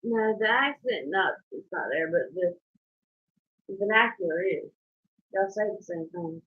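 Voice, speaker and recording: A woman's voice: mid-range voice, lively intonation, a little slow. A woman, chatting casually and teasing her co-host. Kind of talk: casual chat. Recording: dull lo-fi sound.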